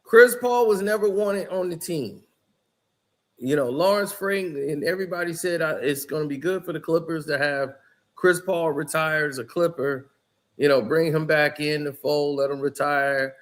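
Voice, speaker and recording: A man's voice: a little high, normal speed, a bit bright. A man giving casual, rambling basketball commentary, telling the story in a loose way with lots of "you know" and "like".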